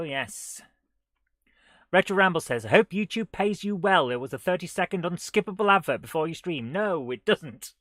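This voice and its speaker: A man with a high, light voice hosts a live gaming stream, chatting in a loose, rambling way. He drops silly rhymes and jokes and laughs often. His voice sounds dry and close, with no room echo. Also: fairly bright tone. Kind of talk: casual live-stream chat.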